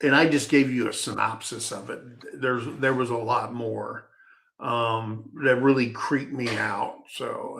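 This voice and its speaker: A man's voice: medium pitch, gravelly, fairly bright tone. A man telling a personal story in a casual, rambling, folksy way, often stopping to restart his sentences.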